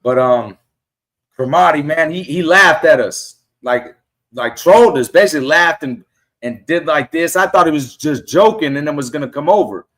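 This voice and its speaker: A middle-aged man with a slightly high voice tells stories on a casual podcast. He jumps into quoted lines and voices the people he talks about. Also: normal speed. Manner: animated storyteller acting out quotes. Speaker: guest fan.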